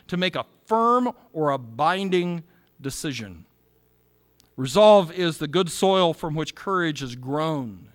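A man's voice: fairly high pitch, fairly bright tone, no room sound, clean studio sound, big-room sound. A man preaching a sermon as pastor, earnest and building to fervent appeals.

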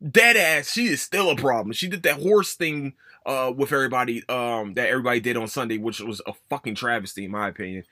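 A man hosting a casual sports podcast, ranting emphatically with plenty of swearing and sudden high-pitched emphasis. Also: fast, few pauses, sharp tone, no room sound, clean studio sound. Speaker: podcast host.

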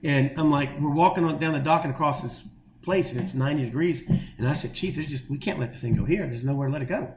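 A man's voice: on the high side, quick pace, slight background noise. Middle aged guy telling a wild story, acts out the voices, roomy echo. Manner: animated, acts out quoted voices. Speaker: guest telling stories. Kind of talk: casual storytelling.

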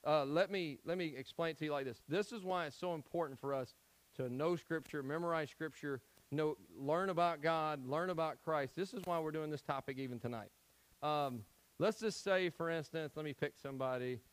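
A man's voice: a little high, normal speed, no room sound, rough recording. A man from Tennessee preaching an evening Bible study, conversational, with frequent "okay?" check-ins to the congregation. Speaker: pastor.

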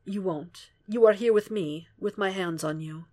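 A woman voicing a composed, courtly male doctor who speaks softly and deliberately in a fan fiction audiobook reading. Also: medium pitch, natural voice. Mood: soothing. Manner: soft, hushed and deliberate.

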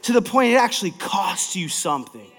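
A man preaching a sermon as pastor of a large church, emphatic and energetic, swinging from loud to soft. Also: high-pitched, a little fast, slightly rough, long reverb tail.

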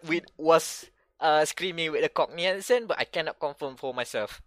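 Bright-voiced animated podcast man. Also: fairly high pitch, moderate pace, no echo, clean studio sound. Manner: animated storytelling with frequent restarts. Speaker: podcast co-host. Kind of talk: casual chat.

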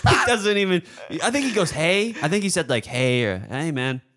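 A man's voice: high-pitched, wildly swooping pitch, measured pace, heavy background noise. A young man from Michigan co-hosting a podcast, telling a story in casual chat and acting out quotes with bursts of laughter. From Michigan, USA. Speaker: podcast co-host.

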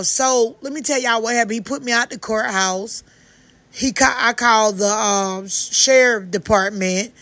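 An older woman from Georgia, telling a heated first-person story loudly, with lots of swearing and restarts. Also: mid-range voice, no room sound. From Georgia, United States. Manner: loud, heated, profane, many restarts. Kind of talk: angry first-person account.

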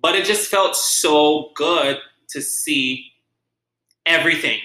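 A man from Saint Vincent, with a light Vincentian accent, chats through a casual solo podcast. His voice is bright and lively, and he tells stories with expressive energy. The sound has a roomy echo. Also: a little high, slow. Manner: animated storytelling, frequent laughter and swearing. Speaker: podcast host.

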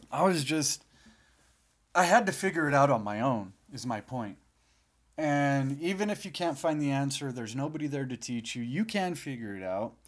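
A man's voice: medium pitch, expressive, a little slow. A man hosting his own podcast in a casual, rambling monologue, sleepy and yawning, swearing freely now and then. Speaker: podcast host.

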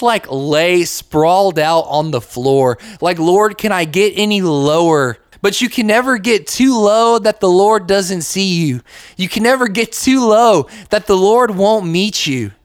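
A young American man hosts a Christian podcast in a high-pitched voice, chatting casually, scattering "like" throughout and acting out little quotes. The studio recording is clean with no echo.

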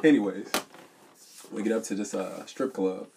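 Male podcast co-host, low and gravelly, animated joker. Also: moderate pace, noisy background. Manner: animated, joking storyteller. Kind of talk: casual chat.

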